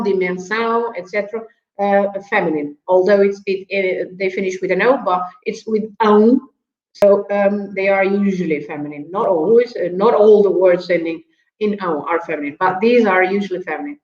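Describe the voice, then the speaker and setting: A guest language teacher with a Portuguese accent, this woman uses a mid-range, somewhat mellow voice at a moderate pace. She is a native speaker who patiently unpacks vocabulary on a talk show, with frequent chuckles and a recurring "right?". The recording sounds roomy and slightly dull.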